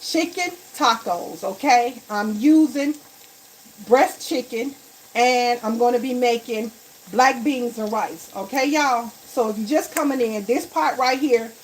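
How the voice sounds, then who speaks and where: A woman's voice: fairly high pitch, a little slow, slight background noise, rough recording. A woman hosting a casual live cooking stream in her home kitchen, chatting to viewers as y'all and tagging okay onto her lines. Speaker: cooking livestream host.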